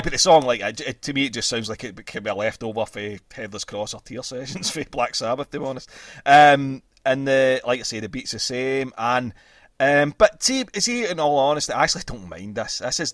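A man's voice: medium pitch, normal speed, no room sound, studio quality. A young Scottish man hosting a casual podcast chat, sweary, laughing often and restarting his sentences. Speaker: podcast host.

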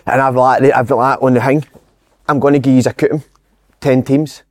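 A Scottish man chats about football on a podcast, plain-spoken and sweary. His voice sits at an ordinary middle pitch. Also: little pitch movement, normal speed, a little mellow. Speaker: podcast co-host. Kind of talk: casual chat.

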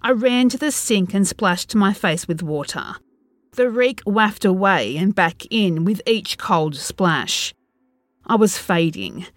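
Woman narrating a horror story with lively pitch. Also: takes it slowly, no room sound. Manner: tense, dread-filled storytelling.

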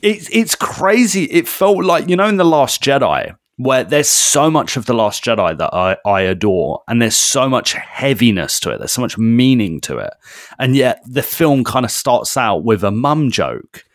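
A man's voice: medium pitch, lively intonation, moderate pace, no room sound, clean studio sound. A man co-hosting a podcast, chatting casually and animatedly, often repeating himself as he gathers his thoughts. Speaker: podcast co-host. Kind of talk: casual chat.

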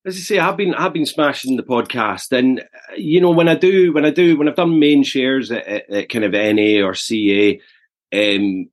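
A Scottish man in his forties with a soft Glasgow accent, telling his life story in a podcast conversation, earnest and halting as he restarts and repeats words. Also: medium pitch. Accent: Glaswegian Scottish. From Scotland. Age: 40s. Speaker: podcast guest.

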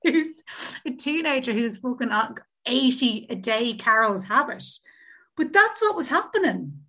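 A woman's voice: fairly high pitch, lively intonation, a little slow, bright, forceful tone. Sweary Irish woman telling a story. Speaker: podcast co-host. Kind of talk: casual chat.

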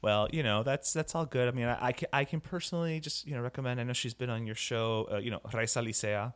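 A man's voice: medium pitch, fast talker, smooth. A man hosting a podcast in a casual, rambling way, with many restarts and you-knows. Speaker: podcast host.

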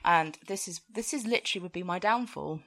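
A woman's voice: lowish voice, brisk, fairly bright tone. A woman co-hosting a podcast, recapping a film in casual, giggly chat and swearing freely. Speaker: podcast co-host.

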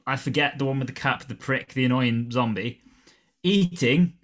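A man co-hosting a podcast, chatting in a blunt, animated way with plenty of swearing. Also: medium pitch, normal speed. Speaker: podcast co-host. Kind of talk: casual chat.

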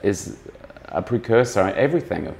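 Male fashion critic, very low and gravelly, muses and rephrases as he goes. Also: expressive, moderate pace, a little mellow. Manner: musing, circling back to rephrase his points. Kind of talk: conversational interview.

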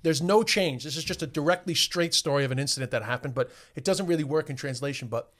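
A man, a comedian guest telling a story in casual chat, animated, swearing freely and often restarting his sentences. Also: fairly high pitch, fast talker.

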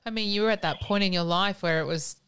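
Enthusiastic woman co-host with a smooth, resonant voice, casual chat. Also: medium pitch, quick pace. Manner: warmly enthusiastic, asks questions. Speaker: podcast co-host.

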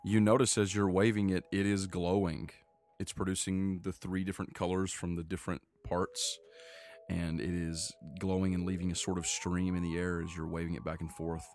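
A man narrating as game master of a tabletop game, describing scenes steadily with quick asides. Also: low-pitched, little pitch movement, a little mellow.

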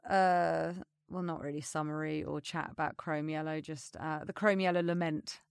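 A woman's voice: deep voice, fairly even intonation, moderate pace, creaky, clean tone, no echo. A woman chats on a podcast in a loose, rambling way, full of ums and uhs. The sound is dry and close. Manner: chatty, rambling with fillers. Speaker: podcast co-host. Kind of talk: casual chat.

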